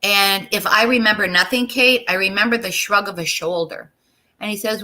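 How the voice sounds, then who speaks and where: A middle-aged woman, a guest on a video-call interview, giving an earnest personal account, halting and repeating herself as she speaks straight to the listeners. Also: mid-range voice, pushed and bright, poor audio.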